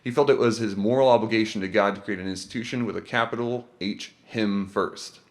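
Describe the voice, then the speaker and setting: A man's voice: lowish voice, steady tone, brisk. A man hosting a casual podcast, telling a history story with a lot of swearing and laughter. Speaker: podcast host presenting research.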